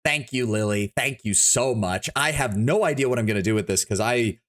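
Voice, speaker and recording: A man's voice: medium pitch, brisk, over music. A man chatting casually on a live stream, reacting and thinking aloud in a rambling way, with frequent restarts. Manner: swears freely.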